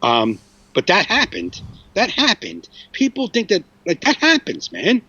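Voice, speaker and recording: Comedian host, 40s, loose storyteller, swears freely; muffled, dry recording. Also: male voice, high-pitched, huge pitch swings, unhurried, sharp tone, slightly rough, no room sound. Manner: rambling, frequent restarts and swearing. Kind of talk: casual storytelling chat.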